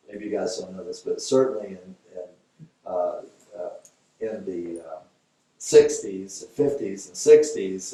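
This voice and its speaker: A man's voice: on the low side, warm tone, recorded from a distance. Man lecturing in a very echoey room. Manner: conversational, storytelling, fillers and restarts. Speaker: Thai yoga teacher. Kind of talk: informal lecture with a case story.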